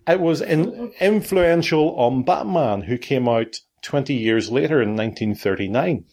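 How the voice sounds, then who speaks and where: A man's voice: medium pitch, expressive, unhurried, a little mellow. Middle-aged man, podcast host, loose and playful, often stops to correct himself. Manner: rambling, self-correcting, playful. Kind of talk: casual family podcast chat.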